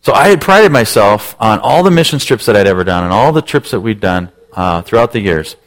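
A man's voice: lowish voice, animated, brisk. A man in his forties, a pastor telling a self-mocking story in a sermon, acting out voices with lots of energy.

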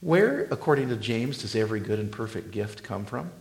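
A male pastor delivering a sermon in a dramatic style. His voice rises to loud emphasis, then drops to hushed, near-whispered lines, and he draws out scripture slowly for weight. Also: lowish voice, very animated, gravelly.

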